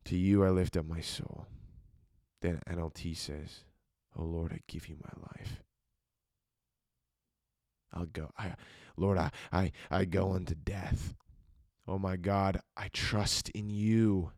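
A man delivers a devotional sermon in a very low, gravelly voice. He talks slowly and softly, drifting often into whispers. The recording is close and dry, with no room sound. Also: fairly even intonation, no echo. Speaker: preacher.

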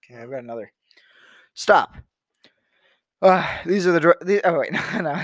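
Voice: mid-range voice, moderate pace, pauses often, dry recording, studio quality. A person in casual chat with a friend, playful and giggly, trying out voice impressions.

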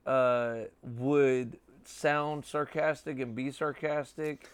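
A man in his thirties chats loosely as a podcast host, his voice smooth and resonant. The sound is dry and close, with no room around it. He rambles, swears freely and leans on "dude" and "like.". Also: mid-range voice, steady tone, slow pace, no echo. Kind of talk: casual chat.

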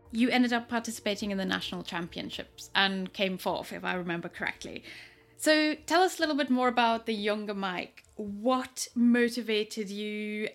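A woman's voice: mid-range voice, fairly bright tone. A woman hosting a studio podcast, reading a scripted introduction and then interviewing a guest in an upbeat way. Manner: upbeat, laughs easily. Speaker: podcast host.

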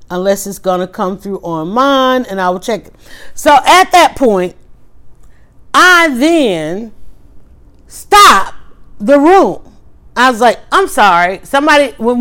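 A woman hosting a livestream, telling a story in a casual, animated way with quick restarts and emphatic asides. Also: on the high side, clean tone. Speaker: livestream host.

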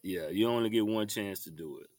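A man, a basketball coach telling animated stories as an interview guest and acting out the referees. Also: lowish voice, fairly quick, no echo, studio quality. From Texas. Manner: lively storyteller acting out referees and himself. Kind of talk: animated storytelling.

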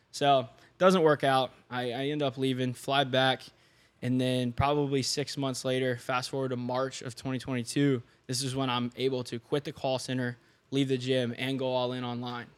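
A young man, a podcast guest and online fitness coach, telling a story in casual chat, animated and often laughing, acting out the people he quotes. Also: mid-range voice.

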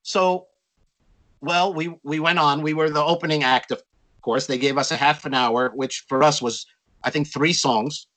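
An older man telling stories from his music career in an interview, animated and acting out quotes in a raised voice. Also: on the high side, moderate pace, poor audio. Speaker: interview guest, jazz musician. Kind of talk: storytelling in a conversation.

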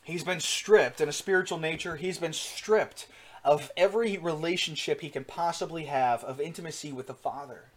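A man's voice: a little high, moderate pace. A man preaching an earnest sermon with rising emphasis, frequent fillers and restarts. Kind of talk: sermon teaching.

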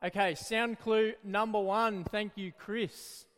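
Children's church leader, man, high voice, slow and encouraging, long hall echo. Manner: lively, encouraging, storytelling. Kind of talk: children's Bible talk.

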